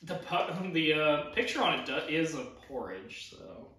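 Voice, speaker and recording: Co-hosting a casual snack taste-test video, this speaker is slow and easygoing, drawing out reactions to each snack. The voice is medium-pitched, sing-song, pushed and bright. The room is very echoey, the mic is far off, and there's slight background noise.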